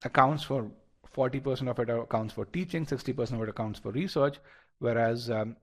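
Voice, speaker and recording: This man's voice is medium in pitch and a little fast. He's a test prep instructor leading a live online class, animatedly reasoning through problems one step at a time, with plenty of restarts and fillers and regular polls of his students.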